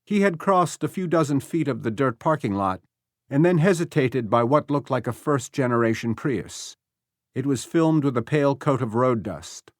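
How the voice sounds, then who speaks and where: A male audiobook narrator reads in a measured, expressive way, his voice moving through a lively range of pitch. He sits in the middle of the male range. The recording is dry and close, with no room sound. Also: no room sound. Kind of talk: scripted narration. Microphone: close studio mic.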